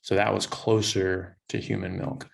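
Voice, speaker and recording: Low, easygoing man from Southern California, a doctor telling stories with restarts. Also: level tone, moderate pace, creaky. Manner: storytelling, laughing, frequent restarts. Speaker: doctor, guest. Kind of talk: casual interview chat.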